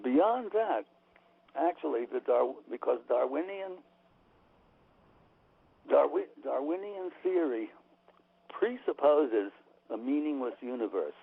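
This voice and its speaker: A man's voice: mid-range voice, lively intonation, slow pace, vocal fry, pauses often, slightly rough. A man being interviewed on the radio, talking emphatically and opinionatedly with frequent restarts, heard over a tinny phone line. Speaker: author and guest.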